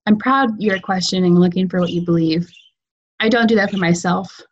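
A woman reading aloud, voicing a kind teenage girl who comforts her friend in a soft, reassuring way. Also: lowish voice, normal speed, lo-fi sound, natural voice. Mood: gentle reassuring.

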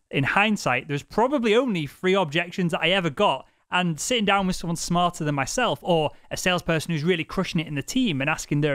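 Male podcast host asking eager questions, smooth slightly high voice. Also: fairly bright tone, no room sound, clean studio sound.

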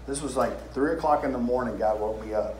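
Speaking briskly in a medium-pitched, darkish voice, this Southern-drawling man in his fifties delivers a casual sermon and reads from scripture. He keeps it folksy, circling back to the same phrases and asking the congregation questions, all in an echoey space with light hiss.

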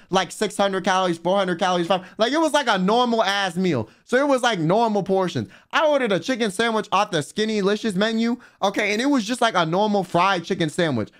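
A young man, a livestreamer, telling a story in a casual, animated and profane way. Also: sits high. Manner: animated, profane, swings loud and quiet. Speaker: vtuber and livestreamer.

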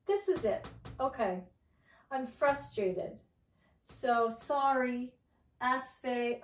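Slow, playful woman teaching in an echoey room. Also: on the high side. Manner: playful, acts out each feeling. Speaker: English teacher. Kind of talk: animated vocabulary lesson. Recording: echoey room, mic at a distance.

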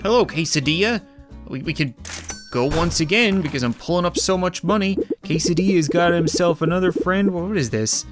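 A man's voice: sits high, lively intonation, normal speed, music in the background. A man giving casual, joking gameplay commentary, rambling and self-deprecating as he plays. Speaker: gaming YouTuber.

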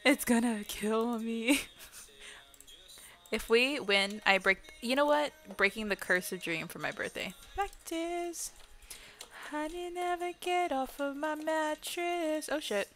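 Brief: slow-talking woman streamer, bright tense tone, laughs a lot and swears playfully, laptop mic, faint music behind. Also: sits high. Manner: laughs often, swears and trash-talks teammates. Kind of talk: casual gameplay streaming. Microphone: laptop microphone.

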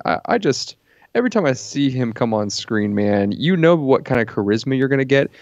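A man co-hosting a movie podcast, reviewing films in an animated, casual way with lots of restarts and laughs. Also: medium pitch, no echo, highs cut off. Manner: animated, stumbling restarts, laughs while talking. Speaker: podcast co-host.

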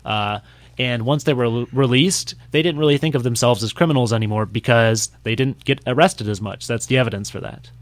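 A man co-hosts a casual history podcast and explains ideas in a plain, conversational way. The recording is close and dry, and his pitch sits in the middle. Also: brisk, no room sound. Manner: explanatory, with brief backchannel remarks. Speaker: podcast co-host.

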